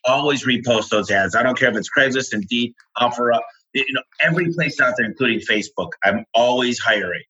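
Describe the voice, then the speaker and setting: Emphatic coach hosting a podcast, bright forceful voice, dull lo-fi sound. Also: male voice, mid-range voice, slightly rough. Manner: emphatic, quick to list points. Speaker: host, business coach. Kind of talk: podcast interview. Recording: dull lo-fi recording.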